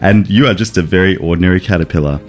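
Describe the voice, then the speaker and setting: A man's voice: low voice, rapid-fire, soft background music, lightly acted. A man voicing a plain, wistful little caterpillar from a storybook.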